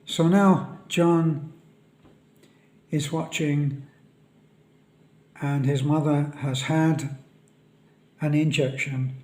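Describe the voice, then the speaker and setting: A man speaking a solemn, halting vlog monologue on a death in a friend's family. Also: fairly high pitch, fairly even intonation, a little mellow. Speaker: vlogger. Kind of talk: reflective monologue.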